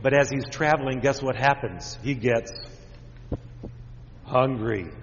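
A pastor giving a children's sermon, talking gently with the kids and asking them lots of simple questions. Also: male voice, mid-range voice, unhurried, slight background noise. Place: church. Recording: dull recording with long church reverb.

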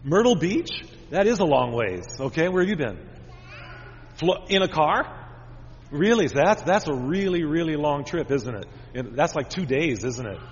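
A pastor giving a children's sermon, talking gently with the kids and asking them lots of simple questions. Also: male voice, on the high side, lively intonation, moderate pace. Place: church. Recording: dull recording with long church reverb.

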